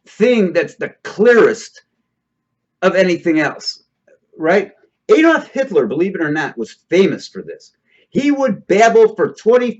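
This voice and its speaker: Guy talking it through casually, keeps asking "okay?", pitch all over the place, kinda muffled audio. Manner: rambling, checks in with "okay?". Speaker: host explaining hypnosis. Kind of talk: casual spoken explainer. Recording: dull lo-fi recording.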